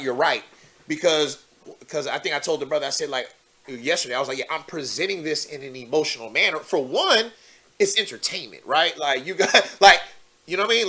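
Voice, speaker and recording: A man hosting a call-in talk show, speaking casually and laughing often, swinging from low muttering to animated near-shouting. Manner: animated, rising to near-shouting when worked up.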